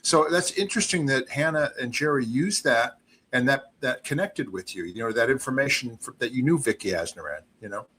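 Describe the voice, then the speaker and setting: A man's voice: medium pitch, lively intonation, brisk, pushed and bright, breathy edge. A man hosting an interview, talking casually and affirming his guest with short agreements and frequent "you know"s. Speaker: host.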